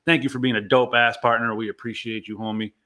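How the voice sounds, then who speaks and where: Excited, swearing man co-hosting. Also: mid-range voice, quick pace. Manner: excited, swears a lot, stumbles over words. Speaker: podcast co-host. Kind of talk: casual chat.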